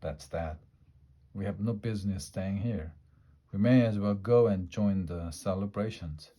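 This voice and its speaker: A man reading a storybook and voicing a calm, wry old male wizard who speaks gently. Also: sits low, a little slow. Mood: subdued.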